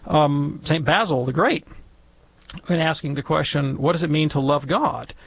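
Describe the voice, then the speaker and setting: A man's voice: fairly high pitch, moderate pace, vocal fry, slightly rough, no echo. A man speaking as a guest theologian on a call-in radio show, lecturing in an academic, wry way.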